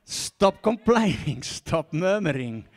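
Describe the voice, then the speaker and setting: A man preaching a sermon, swinging between soft asides and loud, repeated calls, often laughing and stumbling over his words. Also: fairly high pitch, big pitch swings, slow. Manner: laughs often, stumbles and restarts when fired up. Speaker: pastor.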